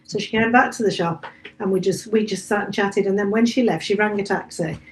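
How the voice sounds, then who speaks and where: A chatty woman with an English Midlands accent, telling stories in a relaxed interview. She acts out each side of a conversation, with a mid-pitched voice that is ordinary for a woman. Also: a little fast, poor audio. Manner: chatty storyteller, acts out quoted dialogue. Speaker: bookshop cafe owner and author. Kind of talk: casual interview chat.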